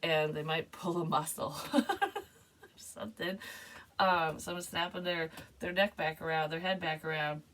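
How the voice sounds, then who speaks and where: A woman giving a casual, rambling tarot reading to her viewers, chatty and quick to laugh. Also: low voice, little pitch movement, a bit bright, slight background noise. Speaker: tarot reader.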